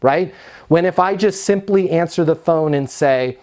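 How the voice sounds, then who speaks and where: A middle-aged man giving an energetic, emphatic sales training talk, sometimes acting out both sides of phone calls. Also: on the high side, a little slow. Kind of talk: instructional talk with role-played phone calls.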